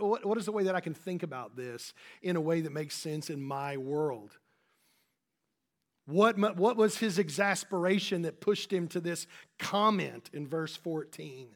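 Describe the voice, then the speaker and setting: A man pastor giving a conversational sermon, with frequent restarts and fillers. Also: fairly high pitch.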